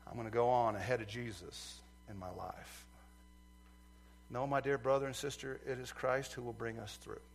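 A male preacher delivering a sermon, swinging from loud fervent outbursts to quiet earnest asides. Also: mid-range voice, fairly even intonation, normal speed, gravelly, slight background noise.

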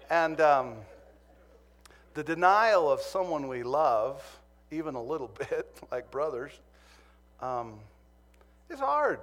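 A man from Montana gives a sermon built around a personal story. He tells it with humor and then lets it turn earnest. His voice sits at an everyday middle pitch for a man. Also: fairly bright tone. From Montana, USA. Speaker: preacher.

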